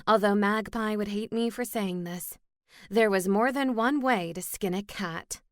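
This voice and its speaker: Female audiobook narrator, steady and wry, dry studio sound. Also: medium pitch, measured pace, no echo. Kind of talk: scripted first-person narration.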